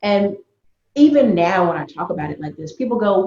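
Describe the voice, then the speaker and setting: A woman guest telling stories in a casual interview, animated and acting out the voices of people she quotes. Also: mid-range voice, brisk, roomy sound, dull audio. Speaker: guest, YouTuber and entrepreneur.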